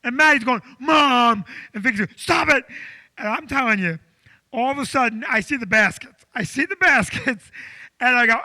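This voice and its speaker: Man, comic storyteller, loud, animated, very high voice, dry close sound. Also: moderate pace, dry recording. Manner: animated, loud, acts out quotes. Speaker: comedian co-host.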